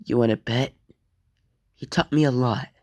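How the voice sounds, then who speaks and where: A man voicing a vengeful teenage boy hero gone dark, speaking in a cold, threatening way in a fan story. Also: mid-range voice, normal speed, no room sound, close to an everyday voice. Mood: taunting.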